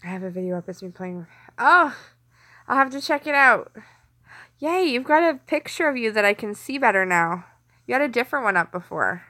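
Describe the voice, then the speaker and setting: A young woman with a Canadian accent talks casually into her phone during a late-night live stream, her voice crisp and bright. She is chatty and quick to laugh, teasing the viewers who type to her from her home kitchen. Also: fairly high pitch, lively intonation.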